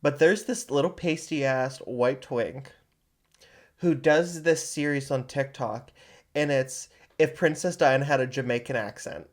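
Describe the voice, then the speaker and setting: A podcast host who reads a slow, dramatic horror intro and then banters in a jokey, animated way. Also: medium pitch. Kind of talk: scripted horror narration, then casual chat.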